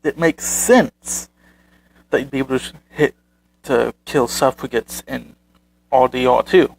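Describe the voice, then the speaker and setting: A man's voice: medium pitch, a little slow, creaky, rough recording. A man hosting a commentary video, reading out social media posts and answering them with sarcastic, exasperated remarks.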